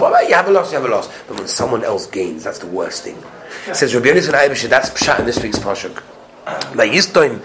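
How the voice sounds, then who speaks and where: A man teaching a weekly Torah class, telling the stories with energy. He swings from loud, excited bursts to soft, hushed asides and mixes in Yiddish and Hebrew study terms. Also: mid-range voice, a little hiss or hum. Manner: peppers speech with Yiddish and Hebrew learning terms.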